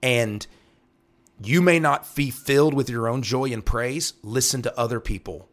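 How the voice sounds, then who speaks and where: Speaking as a pastor, a man gives a devotional Bible teaching talk in an earnest way, repeating phrases and checking in with "right?" His voice is medium-pitched, a bit bright, and a little slow.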